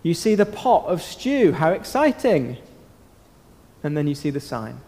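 Animated man leading a children's Bible talk. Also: fairly high pitch. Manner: animated, asks children questions, dramatic pauses. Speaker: children's talk leader at church. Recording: long hall reverb.

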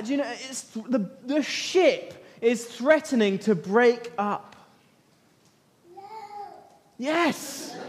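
A man teaching an interactive Bible lesson as an animated storyteller, asking his listeners questions. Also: very high voice. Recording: long echo of a large hall.

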